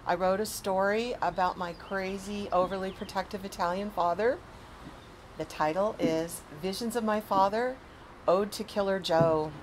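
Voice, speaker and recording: A woman author telling a personal story from her youth in a dramatic, animated way, with loud emotional bursts. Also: medium pitch, normal speed, slight background noise. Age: adult.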